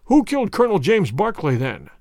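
A man reading aloud who voices a calm, incisive male detective in a storybook, with a measured, composed manner. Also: sits high, no room sound, clean studio sound, full character voice. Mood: probing. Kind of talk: audiobook character reading.

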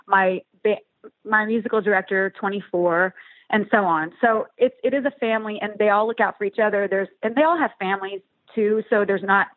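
A woman in her fifties, a touring musician, chatting casually in an interview, rambling warmly with many restarts. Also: mid-range voice, fairly even intonation, brisk, dry recording. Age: 50s. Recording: tinny phone-like line, dry.

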